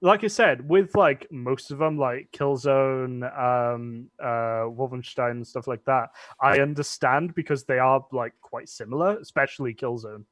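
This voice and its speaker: A man's voice: mid-range voice, unhurried, hardly any pauses, a bit bright, no room sound. Rambling man telling stories. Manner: rambling storyteller with restarts and laughs. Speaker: cosplayer and stream co-host. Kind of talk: casual chat.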